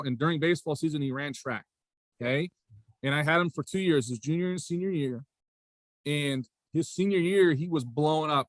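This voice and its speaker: This forties-aged high school basketball coach and athletic director wanders through his stories in a casual interview. He keeps restarting and looping back with "again" and "right?", and there's no echo.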